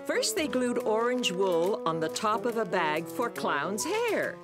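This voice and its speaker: A woman giving simple, gentle scripted narration for an animated children's series. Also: medium pitch, a little slow, music in the background.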